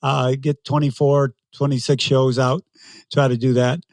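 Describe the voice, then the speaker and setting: A man's voice: mid-range voice, level tone, normal speed, a little mellow, no echo. A man in his sixties, a guest in an interview, telling stories animatedly and laughing often. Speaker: guest, race announcer. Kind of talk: casual interview storytelling.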